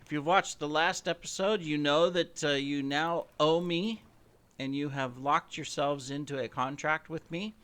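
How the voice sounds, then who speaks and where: A man's voice: fairly high pitch, unhurried, fairly bright tone, clean tone. A man hosting his own gameplay channel, rambling casually with playful, self-mocking boasts about his show. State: slightly out of breath, coughing. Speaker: gaming channel host.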